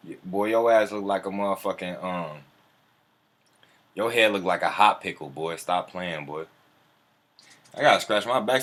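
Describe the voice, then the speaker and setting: On a livestream, a man chats loosely with viewers, answering their comments as they come in and using plenty of profane slang. His voice sits low and sounds a bit bright, at normal speed.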